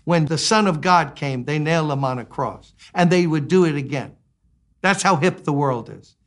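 A man in his sixties preaching a sermon, animated, swinging between loud exclamations and quiet asides. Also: on the high side, moderate pace. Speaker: pastor.

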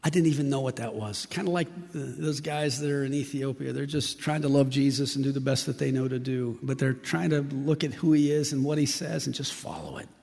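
Middle-aged male pastor, gravelly, storytelling sermon, reverberant sanctuary. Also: mid-range voice. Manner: animated storyteller, acts out quoted voices.

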